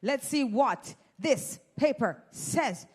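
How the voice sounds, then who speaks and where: On a handheld mic at a live event, a Jamaican host energetically teases the crowd and runs prize games in a playful way. She has a high-pitched, husky voice and speaks at a slow pace.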